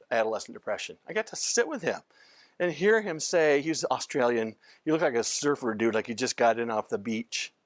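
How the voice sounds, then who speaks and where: An older man lecturing as a physician in a loose, story-driven way, wandering off mid-sentence and circling back. His pitch sits in an ordinary middle range. The sound is dry and close, with no room echo. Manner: rambling, anecdotal, often breaks off and restarts sentences. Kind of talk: informal training lecture.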